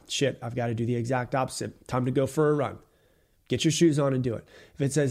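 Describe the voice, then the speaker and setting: Alone on his motivational podcast, this host talks with blunt emphasis, hammers his points through repetition, and curses offhandedly. He speaks fast in a mid-range voice with a dark tone.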